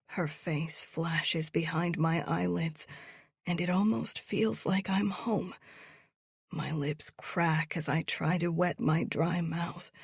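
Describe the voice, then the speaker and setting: Slow, husky woman narrating an audiobook. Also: lowish voice, no echo, clean studio sound. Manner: slow, hushed and tense. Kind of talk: first-person romance audiobook narration.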